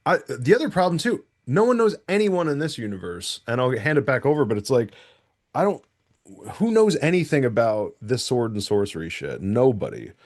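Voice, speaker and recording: A man co-hosting a casual podcast chat, talking in animated, rapid run-on rants full of self-interruptions. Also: medium pitch. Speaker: podcast co-host.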